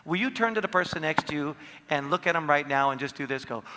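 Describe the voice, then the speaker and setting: A man giving a motivational seminar talk, animated and playful, acting out quotes in his stories. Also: fairly high pitch, quick pace, in a large hall, heavy background noise. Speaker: seminar speaker. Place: large hall with audience.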